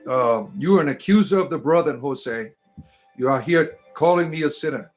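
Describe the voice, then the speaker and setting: A man's voice: on the high side, normal speed, soft background music. A middle-aged man hosting a casual livestream, answering chat with irreverent jokes and mock-preachy asides.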